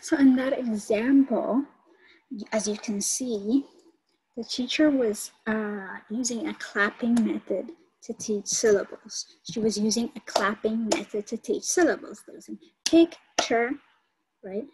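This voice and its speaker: A woman's voice: on the high side, unhurried, background noise. A woman lecturing online about teaching methods, explaining step by step and repeating key points. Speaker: college instructor.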